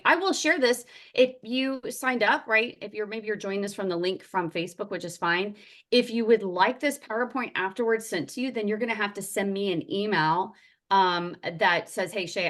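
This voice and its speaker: A woman's voice: mid-range voice, fairly bright tone. Chatty upbeat lady yoga teacher running a workshop over a video call, medium voice. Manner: upbeat, chatty, greets attendees by name. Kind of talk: casual online workshop talk.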